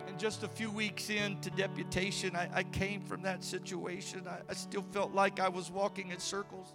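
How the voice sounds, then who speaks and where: A man preaching a sermon as a pastor, telling a testimony fervently with frequent hallelujahs and amens, stumbling over repeated words in calmer stretches. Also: high-pitched, music in the background. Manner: halting repetitions when calm.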